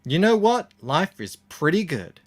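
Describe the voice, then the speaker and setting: A man's voice: on the high side, big pitch swings, a little slow, voice pushed up. A man with an Australian accent voicing a self-righteous young activist woman in a comic reading, breezy and self-important. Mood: chirpy. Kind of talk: comic reading of a short piece.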